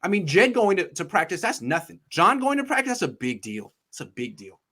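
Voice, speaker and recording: A man's voice: high-pitched, fairly quick. A man hosting a sports podcast, talking casually and animatedly, acting out quotes as he goes. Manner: animated, acts out quotes in voices. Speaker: podcast host.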